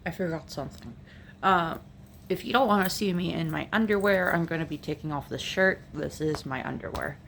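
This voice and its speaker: Low-voiced woman vlogging with a light Appalachian accent. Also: a little fast, vocal fry, fairly bright tone, slight background noise. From New Jersey, raised in North Carolina and Virginia. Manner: rambling, matter-of-fact, thinks aloud. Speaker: makeup vlogger. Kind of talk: casual chatty vlog. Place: home room.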